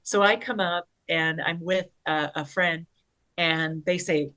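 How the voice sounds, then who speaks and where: A woman co-hosting a podcast, telling long rambling stories in casual conversation with animated asides. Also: fairly low pitch, takes it slowly, rough recording. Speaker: podcast co-host.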